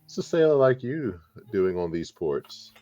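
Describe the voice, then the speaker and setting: A man voicing a flirtatious female adventurer sweet-talking a sailor in a tabletop game, in his own deep voice. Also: sing-song, unhurried, dark tone, lo-fi sound. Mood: flirty.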